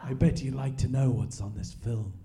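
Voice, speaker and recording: Brief: a man as a very dark, ominous tiny pearly man, solemn and slow, mid-range pitch. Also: steady tone, lightly acted. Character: mysterious tiny pearly-faced man, male. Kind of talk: improvised comedy scene.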